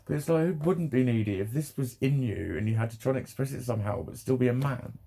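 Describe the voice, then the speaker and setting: A man's voice: mid-range voice, fast, gravelly, warm tone. A man rambling emotionally in a personal vlog, laughing often and swearing a lot. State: emotional, near tears. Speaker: vlogger.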